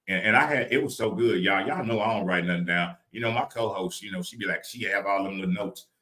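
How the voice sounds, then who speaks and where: A man hosting a live stream, giving an inspirational porch talk full of drawn-out rhetorical questions. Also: low-pitched, sharp tone, reverberant. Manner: preachy, drawn-out rhetorical questions, calls out to viewers by name.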